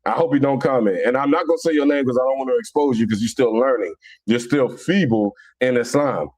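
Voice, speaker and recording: A man from Cincinnati with a Southern-leaning accent, talking in a casual, animated monologue full of stammered restarts. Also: medium pitch, a little fast. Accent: Cincinnati, Southern-leaning American. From Cincinnati, Ohio, USA. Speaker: Islamic commentator.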